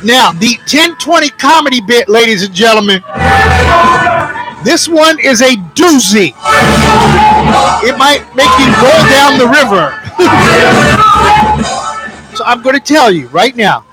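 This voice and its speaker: High-voiced, slow-talking man host. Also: very animated, raised voice, over loud music, a loud crowd, low-quality recording. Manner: folksy, hypes up the audience. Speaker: radio show host. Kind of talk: casual morning show chat.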